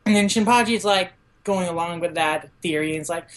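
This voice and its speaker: A woman with a lowish voice, appearing as a podcast guest, recaps a manga chapter in casual chat. She leans heavily on "like" as a filler and acts out the characters' lines in quick, raised voices.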